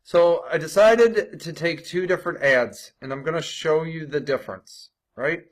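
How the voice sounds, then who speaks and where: In this laid-back screen-share tutorial, a young adult online marketing coach walks viewers through ad copy. He speaks at a moderate pace in a fairly high voice. His style is chatty, full of restarted sentences and a habitual "right?"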